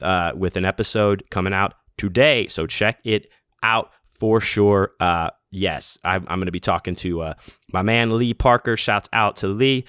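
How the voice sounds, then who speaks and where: A middle-aged man, a podcast host, giving casual, enthusiastic shout-outs full of slang and bursting louder on names. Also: fairly low pitch, clean tone, dry recording, clean studio sound.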